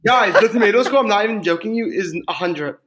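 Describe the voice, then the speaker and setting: Brief: male co-host, notably high voice, theatrical, stammery, jokey. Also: animated, fast talker, fairly bright tone, a little hiss or hum. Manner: mock-dramatic, playfully wounded, stammering restarts. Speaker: podcast co-host. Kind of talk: casual comedic banter.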